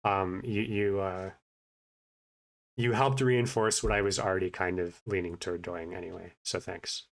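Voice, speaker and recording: A man giving a casual spoken update, with a naturally mumbling voice, a self-conscious, low-key manner, and many fillers and restarts. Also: fairly even intonation, normal speed. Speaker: vlogger, language learner.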